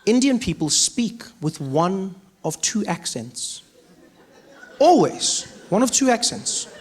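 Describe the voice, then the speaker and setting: South African comedian, high and animated. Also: male voice. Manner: animated storytelling with rising punchlines. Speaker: stand-up comedian. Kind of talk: stand-up comedy. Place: large theatre stage.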